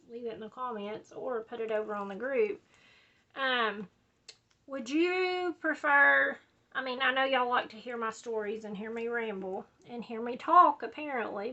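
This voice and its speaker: A woman's voice: a little high, pushed and bright, muffled recording. A woman, chatting casually and rambling while she does a scrapbooking project at home. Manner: chatty, drawling, says y'all and like a lot. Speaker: scrapbooking video host.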